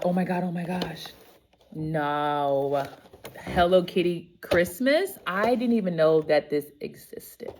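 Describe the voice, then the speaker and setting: A woman's voice: low voice, slow pace, a little mellow, slight background noise. A woman teacher vlogging casually as she unboxes a package, effusive and gushing, often gasping with delight. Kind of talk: casual unboxing vlog chat.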